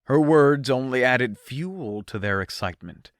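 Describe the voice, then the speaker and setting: A man narrating an audiobook in an expressive first-person storytelling manner, recorded on a close studio mic. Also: mid-range voice, measured pace, no echo.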